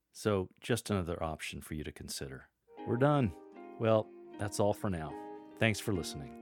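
A man with a low, deep voice coaches church readers, stopping to perform the scripture lines with feeling. The sound is dry and close, with no room around it. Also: no echo. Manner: gentle, warm coaching with demonstrative read-aloud passages. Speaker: lector trainer. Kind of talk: instructional coaching on scripture reading.

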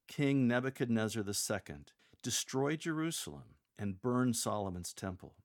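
A man with a somewhat low voice coaches church readers through a passage. He speaks in a measured, scripted way and slows down to proclaim lines with weight and emphasis. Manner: measured, demonstrates readings with slow emphatic proclamation. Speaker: lector coach. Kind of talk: scripted instructional talk on reading scripture aloud.

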